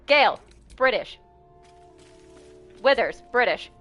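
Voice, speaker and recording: A woman's voice: a little high, lively intonation, takes it slowly, fairly bright tone, soft background music. A woman streaming a video game, talking casually with chat, swearing often and laughing between remarks.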